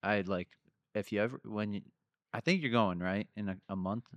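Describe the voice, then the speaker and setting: A man in his thirties hosting a podcast, relaxed and chatty, laughing easily and talking with plenty of fillers. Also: lowish voice, normal speed, no echo, muffled recording. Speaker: podcast host. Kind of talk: casual chat.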